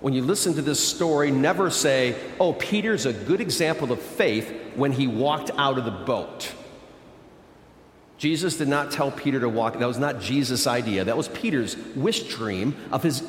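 A man preaching a sermon as pastor, dramatic, swinging from loud emphatic bursts to low, quiet intensity. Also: moderate pace, a little hiss or hum. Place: large church hall. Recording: echoey church hall with long reverb.

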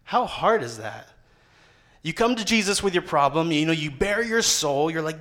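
A man's voice: fairly high pitch, moderate pace. A young man, a seminary student, preaching a casual sermon in a conversational way and acting out quotes. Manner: conversational, lively, acts out quotes with rising voice.

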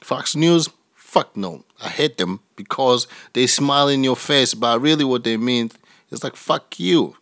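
Brief: male stand-up comic, mid-pitched, crude and rambling, dry close sound. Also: a little slow, a bit bright, no room sound. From Africa. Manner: crude, rambling, laughing at his own jokes. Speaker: stand-up comedian. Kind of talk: stand-up comedy set.

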